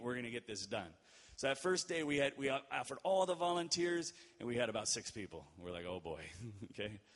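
A man pastor delivers a sermon as a relaxed story, talking straight to his congregation. He often stops to check in with them. His voice rings in a reverberant church hall. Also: medium pitch. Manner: conversational, checks in with "all right?".

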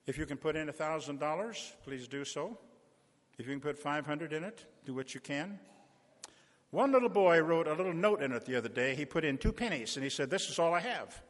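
A man preaching as a visiting pastor, making a folksy fundraising appeal to a church congregation with little stories and direct requests. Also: fairly high pitch. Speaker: visiting preacher raising funds. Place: church sanctuary. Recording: long church reverb.

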